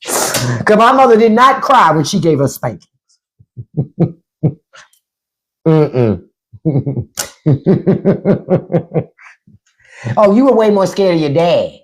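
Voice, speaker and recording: A woman's voice: lowish voice, drawn-out words, long pauses. A middle-aged woman hosting a live stream, telling stories in a casual, profane way and acting out quotes. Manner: profane, animated storytelling with acted quotes. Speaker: podcast host.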